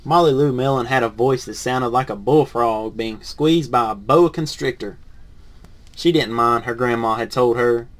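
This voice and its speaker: A man, a teacher in training, reads a picture book aloud with lively rises on the punchlines, then reviews it softly and hesitantly. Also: mid-range voice, normal speed. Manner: lively storybook reading, rising on punchlines, then soft and hesitant when reviewing.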